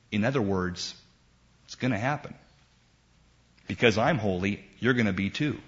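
A middle-aged man preaching a sermon in a church, emphatic and unhurried, with dramatic pauses. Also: medium pitch, sing-song, a bit bright, muffled recording. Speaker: pastor.

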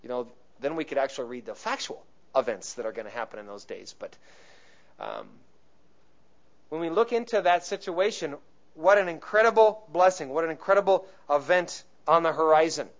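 Male pastor, conversational sermon with bursts of emphasis; slightly high voice, muffled recording. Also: normal speed. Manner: conversational preaching, swells in emphasis.

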